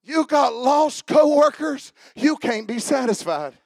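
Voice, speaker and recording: High-voiced, gravelly man preaching. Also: expressive, a little slow, no echo, studio quality. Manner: emphatic, rousing preacher. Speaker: pastor. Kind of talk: sermon.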